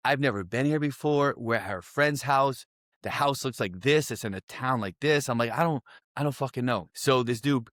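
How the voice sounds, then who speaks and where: A young man from Connecticut telling a wild story on a podcast, animated and profane, full of "I'm like" and "right?". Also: mid-range voice, no echo, studio quality. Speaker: podcast guest. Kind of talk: casual storytelling.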